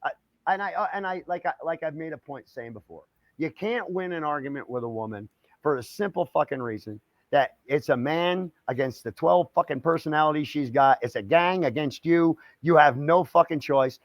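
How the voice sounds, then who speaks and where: A man's voice: on the high side, normal speed, no room sound, highs cut off. An older man co-hosting a casual podcast chat, rambling and swearing constantly, often laughing. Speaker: podcast co-host.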